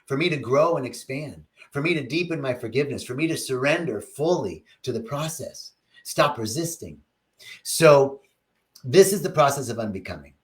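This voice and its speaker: A man in the middle of his range talks through a spiritual teaching on a livestream. He speaks reflectively, reads out viewers' comments and answers them, and leans into stories with big, animated swings in tone. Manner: reflective, animated storytelling with dramatic pitch swings.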